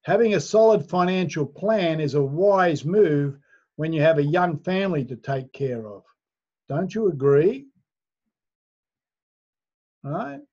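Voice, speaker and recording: A man runs a sales class at an unhurried pace, keeping his listeners nodding along with persuasive questions. The recording is dull and lo-fi. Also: on the high side, animated, dark tone. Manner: persuasive, asks the listener for agreement. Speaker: sales trainer.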